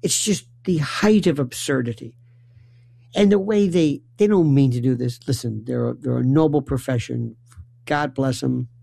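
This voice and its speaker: A man spins a rambling comic monologue in a gravelly, husky voice, his pitch leaping up and down as he talks. He stumbles and restarts words in bursts. The recording is dry and close. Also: moderate pace, dry recording. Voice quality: animated, acts out quoted voices with big pitch jumps. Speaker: storyteller.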